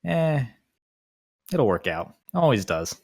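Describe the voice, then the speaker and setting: A man's voice: medium pitch, very animated, slow pace, dry recording, studio quality. A man playing in a tabletop role-play, laid-back and matter-of-fact. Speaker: player.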